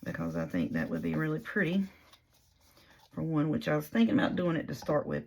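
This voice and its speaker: With a bass, darkish voice that's sing-song and a little fast, a woman walks through a paper craft tutorial. Her talk is casual and folksy and meandering, and she talks through her slip-ups while she works.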